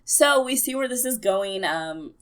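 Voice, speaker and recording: A young woman giving a casual, excitable TV episode recap, full of fillers. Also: medium pitch, unhurried. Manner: chatty and excitable, many fillers. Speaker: TV recap vlogger.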